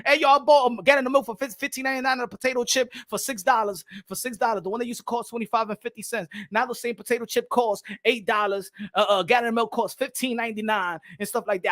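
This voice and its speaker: A man's voice: extremely high pitch, pushed and bright. A man giving a brash, profane comedic rant, mixing in Spanish. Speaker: comedic commentator.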